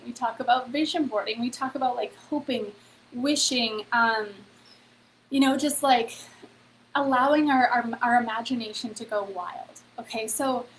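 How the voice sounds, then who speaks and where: Woman host, slightly higher voice, easygoing live-stream motivational chat with a faint hum behind. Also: poor audio. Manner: chatty, heavy on "like" and "okay?", addresses viewers directly. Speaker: host of a free online event.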